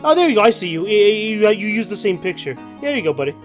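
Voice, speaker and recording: A man's voice: high-pitched, big pitch swings, quick pace. A man streaming a game and chatting casually with viewers, rambling and often repeating words. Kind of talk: casual let's-play chat. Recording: game music behind.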